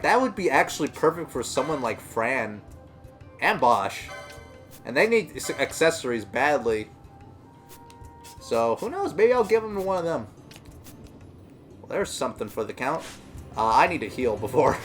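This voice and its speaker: A man's voice: on the high side, a bit bright. Chatty man commentating a video game. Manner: chatty, rambling, with many fillers and self-corrections. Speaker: gameplay commentator. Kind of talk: casual let's-play commentary.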